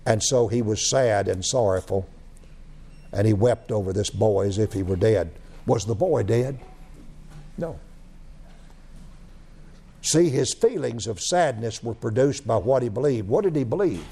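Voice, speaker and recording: Gravelly-voiced preacher delivering a sermon. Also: male voice, mid-range voice, animated, a little slow, long pauses, warm tone. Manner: repeats phrases, asks rhetorical questions.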